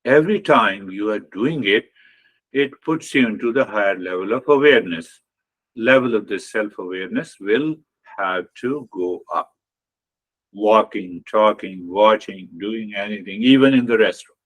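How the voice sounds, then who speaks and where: A man giving a spiritual talk on meditation as a teacher, explaining in an unhurried way and repeating key phrases. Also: lowish voice, a bit bright.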